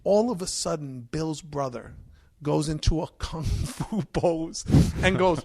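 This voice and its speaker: Gravelly-voiced man telling a wild story. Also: a little high, slow, background noise. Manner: animated, profane storytelling. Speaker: podcast guest. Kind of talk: storytelling in casual chat.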